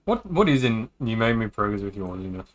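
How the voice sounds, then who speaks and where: A man's voice: lowish voice, sing-song, fast. A man streaming a game who reads its dialogue aloud in a casual way, breaking off for joking asides. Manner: casual, joking asides between read lines. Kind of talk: reading visual novel dialogue aloud on a stream.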